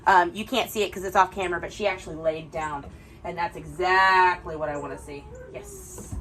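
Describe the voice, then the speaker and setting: A young woman dog trainer, explaining her session in a calm, soft-spoken way between gentle praise for the dogs. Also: on the low side, brisk, a little hiss or hum, poor audio.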